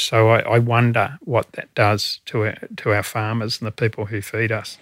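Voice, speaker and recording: A man's voice: on the low side, little pitch movement, normal speed, hardly any pauses, fairly bright tone, no echo, studio quality. A middle-aged Australian man, a former fire commissioner, answering interview questions earnestly and with emotion, using frequent fillers.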